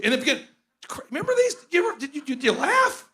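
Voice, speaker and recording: A man hosting a conference, joking and rambling in animated comedic stage banter. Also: very high voice, fast. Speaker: conference host.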